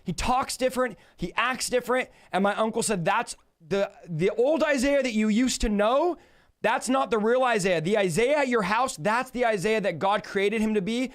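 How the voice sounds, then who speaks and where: A man's voice: high-pitched, normal speed. A man in his thirties from California telling his personal faith testimony, acting out the quoted dialogue with animation. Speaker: guest sharing a testimony.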